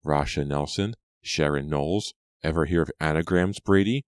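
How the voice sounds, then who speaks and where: A man's voice: extremely low pitch, moderate pace, no echo, clean studio sound. A man voicing a vengeful teenage girl who taunts coldly in an audiobook reading. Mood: cold, taunting. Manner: taunting, cold.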